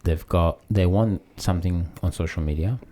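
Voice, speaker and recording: Low-pitched guy rambling casually, lots of fillers. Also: moderate pace, mellow. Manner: loose and chatty, lots of fillers and "mate". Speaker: podcast co-host. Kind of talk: casual chat.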